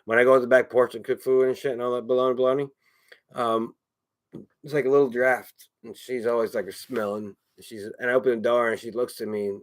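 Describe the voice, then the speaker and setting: A man's voice: mid-range voice, level tone, brisk. A man chatting casually on his own, rambling, swearing often and repeating himself. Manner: rambling, profane, repeats phrases. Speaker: streamer.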